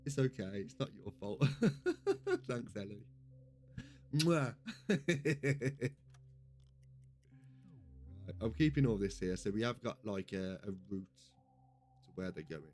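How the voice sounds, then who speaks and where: A man's voice: fairly low pitch, wildly swooping pitch, slow pace, pauses often, a little mellow, faint music behind. A young British man giving casual live commentary on a game, chatty and giggly, swearing now and then. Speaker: streamer.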